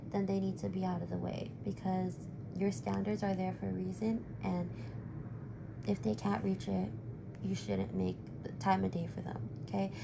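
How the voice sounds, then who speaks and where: A woman's voice: medium pitch, gravelly, noisy background. A woman giving a live-stream tarot reading in a direct, reassuring way, her voice worn and close to giving out. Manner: direct, reassuring, calls the viewer honey. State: losing her voice. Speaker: tarot reader.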